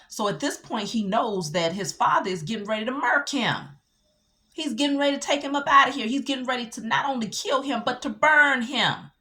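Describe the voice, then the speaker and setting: A woman teaching scripture casually, animated and full of rhetorical questions. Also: mid-range voice. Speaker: Bible teacher.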